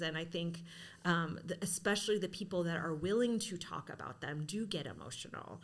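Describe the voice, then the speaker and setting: Reflective woman lecturer with a lowish voice. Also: lively intonation, fairly quick. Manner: reflective, hedging with "sort of" and "right?". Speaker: university lecturer, podcast guest. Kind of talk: thoughtful conversational discussion.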